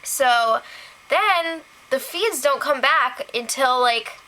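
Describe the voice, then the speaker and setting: A woman's voice: high-pitched, lively intonation, slow, pushed and bright, poor audio. A young woman chatting casually as she recaps a reality show for her vlog, laughing often and saying "like" a lot. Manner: chatty, giggly, heavy use of "like".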